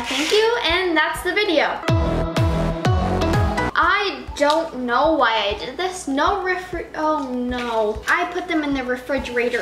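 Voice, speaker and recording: A woman rambling through a casual food-tasting vlog, talking to the camera and making fun of herself. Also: high-pitched. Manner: rambling and self-mocking, talks to the camera. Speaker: vlogger. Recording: echoey room with faint noise.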